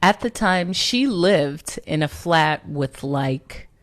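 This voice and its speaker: A woman's voice: sits low, expressive, slow, no echo, studio quality. A woman hosting a casual personal storytelling talk, conversational and self-mocking, often laughing at herself. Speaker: storyteller host.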